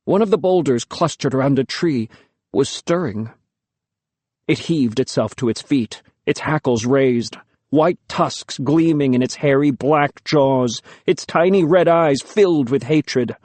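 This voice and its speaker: A man's voice: mid-range voice, unhurried, darkish tone, no room sound. A man narrating an audiobook in the first person, telling the story expressively and without hurry.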